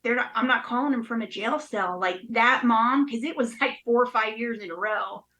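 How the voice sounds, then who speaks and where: A woman's voice: fairly high pitch, normal speed, pushed and bright, low-quality recording. A woman in her thirties speaking candidly and emotionally in casual chat, with many fillers. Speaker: guest.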